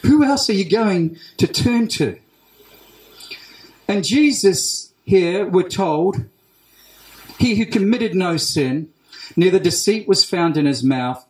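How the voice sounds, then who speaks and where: An Australian man preaching a sermon as pastor, emphatic, repeating key phrases with deliberate pauses. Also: sits high, animated, darkish tone. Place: church hall. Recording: roomy church hall echo.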